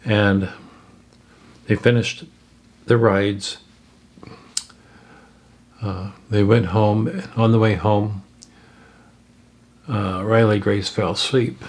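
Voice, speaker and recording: Slow, low-voiced man telling a story. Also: fairly even intonation. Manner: halting, with frequent fillers and restarts. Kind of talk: unscripted spoken storytelling.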